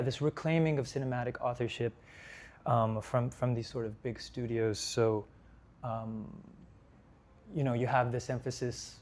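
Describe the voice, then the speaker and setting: A man's voice: medium pitch, darkish tone, a little hiss or hum. A young man giving a conference talk, hesitant, with frequent fillers and restarts. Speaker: lecture speaker. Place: lecture hall.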